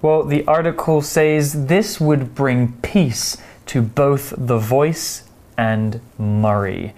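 A man teaching English vocabulary, explaining words slowly and carefully with example sentences. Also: medium pitch, darkish tone. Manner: slow, careful, clear explanations.

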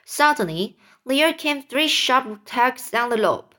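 A woman reading a children's book aloud, slowly and carefully, with small restarts and repeated words, raising her voice for the characters' lines. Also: high-pitched, expressive, sharp tone. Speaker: reader.

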